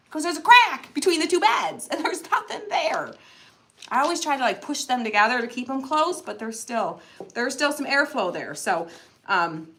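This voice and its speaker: A woman's voice: high voice, lively intonation, normal speed, pushed and bright. A middle-aged woman chatting animatedly while crafting, telling stories to her viewers. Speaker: craft channel host. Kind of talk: casual chat while crafting.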